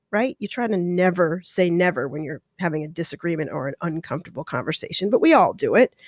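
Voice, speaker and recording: Chatty woman giving advice, dry close sound. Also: dry recording. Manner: chatty, animated, acts out little scenes in higher voices. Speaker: podcast host. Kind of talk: casual advice talk.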